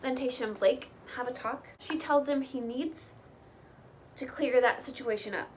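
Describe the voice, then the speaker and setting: A woman casually recapping a reality show, chatty, with lots of "like" and "you know" and lively quoted bits. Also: sits high, normal speed, slight background noise, rough recording. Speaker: recap host.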